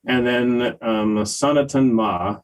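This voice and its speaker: An older man co-hosting a music review podcast, talking in a casual, hesitant way with many pauses and fillers. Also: mid-range voice, smooth, rough recording. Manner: slow, hesitant, many ums and uhs. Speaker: podcast co-host reviewing albums. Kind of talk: casual chat.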